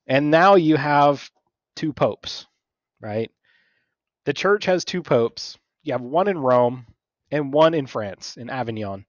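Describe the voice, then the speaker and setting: A man teaching a casual history lesson, talking conversationally, acting out figures in quick asides, and often checking in with "right?". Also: mid-range voice, no echo, highs cut off.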